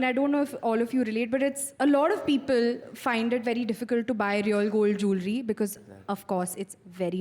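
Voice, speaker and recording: A woman's voice: on the high side, darkish tone. Chatty Indian woman on stage. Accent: Indian English. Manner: chatty, with many fillers. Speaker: actress and guest. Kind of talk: live on-stage interview. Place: stage before a live audience.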